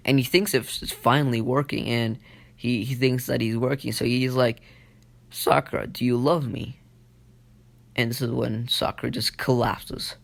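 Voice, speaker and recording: A man's voice: medium pitch, gravelly, fairly bright tone. A man casually retelling a fan story, rambling with many fillers.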